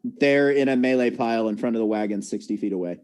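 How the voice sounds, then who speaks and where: A man's voice: medium pitch, fast, darkish tone, clear, resonant tone. A man running a tabletop game as dungeon master, casual and joking, with lots of fillers. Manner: casual, joking, rules explanations with many fillers. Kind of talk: narrating a tabletop game over voice chat.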